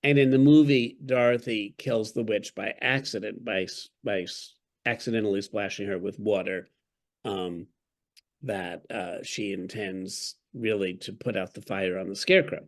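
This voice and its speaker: A man's voice: on the low side, fairly even intonation, moderate pace. A man who is an author and a podcast guest, telling stories in an articulate, wry way during an interview. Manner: articulate, wry, storytelling, with chuckles.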